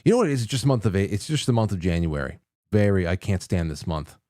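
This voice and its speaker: A man's voice: low-pitched, sing-song, fast, warm tone, dry recording, studio quality. A man hosting a casual call-in talk show, rambling with frequent restarts and chuckles. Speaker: radio call-in host.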